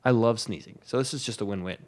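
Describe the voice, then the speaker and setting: A young man with a somewhat low voice, bantering as a podcast co-host. He slips in dry, deadpan jokes between casual explanations. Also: fast talker.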